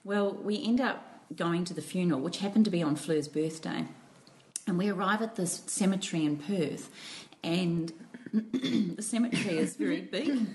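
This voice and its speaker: A middle-aged woman co-hosting a podcast, telling stories in animated casual chat and often breaking into giggles. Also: lowish voice, moderate pace, low-quality recording. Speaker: podcast co-host.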